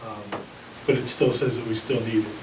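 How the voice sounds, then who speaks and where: Fire chief in an echoey meeting room. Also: male voice, on the low side, fairly even intonation, moderate pace, background noise. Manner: plainspoken, anecdotal. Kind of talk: reporting at a town board meeting. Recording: echoey room, mic at a distance.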